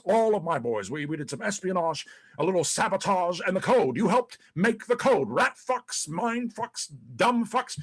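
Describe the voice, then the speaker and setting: A paranoid, disgraced old ex-president in his sixties, played by a man in a dramatic monologue. He curses freely and rambles, tripping over repeated words. His voice sits a little high. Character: disgraced older male ex-president, paranoid, bitter, self-pitying.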